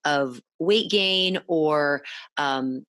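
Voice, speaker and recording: A woman's voice: sits low, fairly bright tone, no echo. Candid woman telling her story, dry sound. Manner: halting, restarts often, quotes her past self. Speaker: podcast guest. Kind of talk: candid conversational interview.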